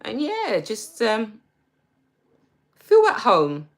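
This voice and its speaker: A woman with a London accent hosting a casual livestream, reading viewer comments aloud and answering them gently and reassuringly. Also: on the high side, huge pitch swings, drawn-out words. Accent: London English. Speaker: livestream host.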